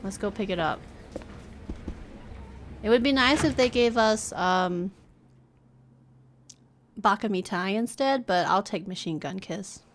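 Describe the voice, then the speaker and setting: A woman's voice: mid-range voice, slow, long pauses, slight background noise. A young woman streaming a game, chatting casually and musing aloud as she plays, often repeating words playfully. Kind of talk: casual live-stream commentary. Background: game music.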